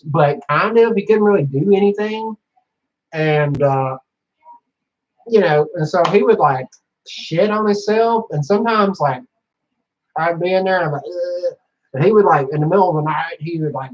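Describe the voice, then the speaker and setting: A young man rambles through a casual monologue, swearing freely and padding his talk with fillers. His voice sits a little high, and the recording sounds dull and lo-fi. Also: expressive, normal speed. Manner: profane, rambling, frequent fillers. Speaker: vlogger.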